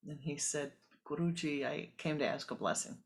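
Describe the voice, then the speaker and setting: Spiritual teacher telling a story then leading a chant, calm and unhurried, medium pitch. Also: gravelly. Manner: calm, measured storytelling with pauses. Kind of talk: sermon with parable and guided meditation.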